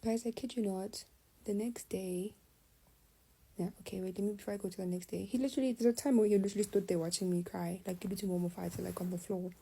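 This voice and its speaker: A woman's voice: mid-range voice, fast talker, creaky, breathy edge, rough recording. A young adult woman, telling a personal story in casual storytime style, often dropping to a half-whisper. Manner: confiding, animated retelling, often half-whispered.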